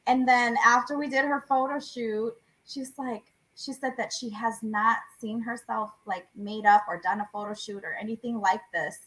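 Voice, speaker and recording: Bright high-voiced laughing woman host. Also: rough recording. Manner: animated, laughs often, quick asides. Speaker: podcast host and salon owner. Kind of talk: casual podcast chat.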